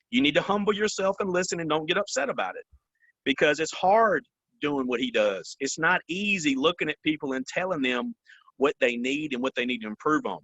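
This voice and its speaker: A man's voice: a little high, pushed and bright, dry recording, rough recording. A man in his forties, a company vice president, giving earnest interview answers, repeating phrases and often saying "man" and "you know".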